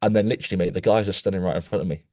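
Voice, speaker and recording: A man's voice: deep voice, rapid-fire, no room sound, studio quality. A young man co-hosting a podcast, telling a long anecdote in casual chat with lots of restarts and "mate". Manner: animated storyteller, many restarts, keeps saying "mate". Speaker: podcast co-host.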